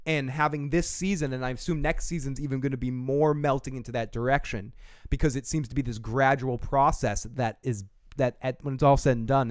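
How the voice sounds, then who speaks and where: A man hosting a podcast review livestream, rambling and excitable, swearing casually and answering chat comments. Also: fairly high pitch, dry recording, clean studio sound. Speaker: podcast host reviewing a TV episode.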